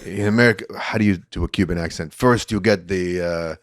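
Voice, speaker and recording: A man co-hosting a comedy podcast, dropping deadpan wisecracks in casual chat. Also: sits low, fairly quick, no room sound, studio quality. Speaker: podcast co-host.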